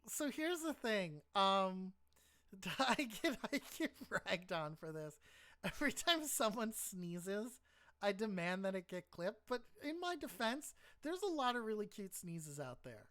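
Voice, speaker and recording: A woman's voice: medium pitch, very animated, measured pace, fairly bright tone. A woman hosting a casual live-stream interview, teasing her guest and laughing easily.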